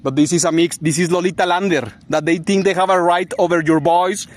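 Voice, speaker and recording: A man with a fairly high voice rants in a vlog monologue. He is rambling and agitated, and he swears freely and laughs bitterly between points. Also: steady tone, fairly quick. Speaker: vlogger.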